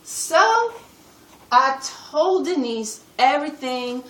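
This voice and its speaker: A woman's voice: high-pitched, big pitch swings, slow, a bit bright, full character voice. A woman performing a sassy churchgoing young woman in a live comedy skit, telling her story with exaggerated street slang. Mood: gossipy storytelling. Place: retreat meeting room. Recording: echoey room, mic from a distance.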